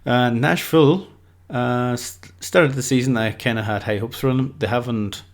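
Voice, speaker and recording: An Irish man offers casual, unscripted football predictions in a mid-range voice at a moderate pace. He rambles loosely and leans heavily on filler words.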